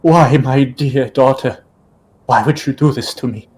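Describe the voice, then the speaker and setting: A man's voice: medium pitch, steady tone, a little slow, darkish tone, a little hiss or hum, natural voice. A man voicing a grieving eastern warrior. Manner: pleading, broken questions.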